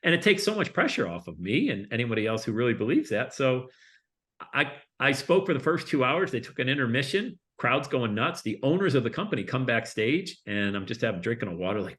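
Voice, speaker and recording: A man's voice: medium pitch, brisk. A man speaking as a guest in a casual interview, telling his stories in a loose, conversational way. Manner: animated, acts out quoted voices, loose and conversational. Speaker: guest, public speaker and coach.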